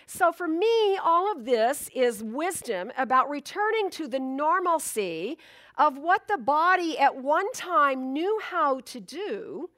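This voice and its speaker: A woman's voice: high-pitched, big pitch swings, takes it slowly, a bit bright, dry recording, studio quality. A middle-aged woman minister giving a sermon in a conversational, storytelling way, acting out little asides.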